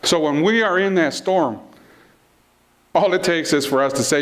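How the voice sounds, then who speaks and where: A man's voice: a little high, moderate pace. A middle-aged man preaching a sermon in a playful, conversational way, acting out the people in his stories. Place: congregation hall.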